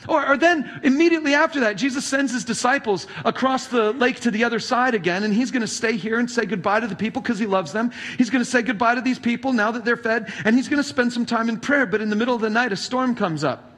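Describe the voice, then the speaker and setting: A man's voice: very high voice, fast talker, fairly bright tone. A male pastor preaching a sermon, retelling stories casually and animatedly. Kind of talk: sermon storytelling.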